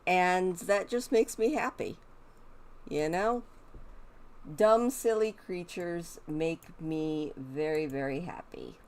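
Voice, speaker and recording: Woman streamer, low-pitched, unhurried, rambling chat at a desk mic. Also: a little mellow. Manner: chatty, rambling, talks to her pet raccoons in a cooing voice. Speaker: gaming streamer. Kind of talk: casual chat while streaming.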